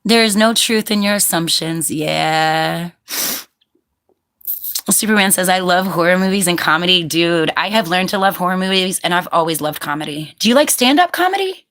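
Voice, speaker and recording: A woman's voice: lowish voice, animated, normal speed, fairly bright tone. A woman hosts a casual livestream and reads out viewer comments. She talks in a loose, chatty way and laughs often, and she turns firm when a commenter gets rude. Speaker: livestream host.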